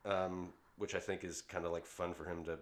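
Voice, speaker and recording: A man's voice: sits low, flat delivery, moderate pace. A man co-hosting a podcast, chatting about a movie in a laid-back way, swearing casually and giving short agreeing replies. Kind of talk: casual movie-discussion chat.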